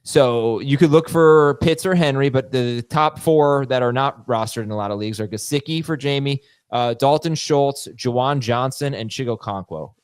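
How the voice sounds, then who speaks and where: A man hosting a fantasy football show in casual chat, animated and quick to laugh at himself. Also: mid-range voice, clean tone, dry recording. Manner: animated, laughing, self-mocking. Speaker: podcast host.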